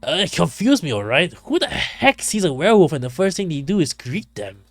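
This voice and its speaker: Male streamer, playful and quick to joke, lively ups and downs, close dry mic, faint game music underneath. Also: fairly high pitch, no room sound. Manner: jokey, laughs and riffs while reading a game. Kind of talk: casual live-stream commentary.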